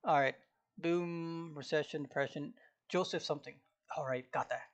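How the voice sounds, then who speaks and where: A young man with a slightly hoarse voice that sits a touch high talks to himself at home while he studies. He murmurs and repeats lines over and over as he commits them to memory, in a loose, offhand study-vlog way. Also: fairly even intonation, normal speed. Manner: mutters and repeats phrases while taking notes. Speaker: student. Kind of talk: casual study vlog, reading aloud and memorizing.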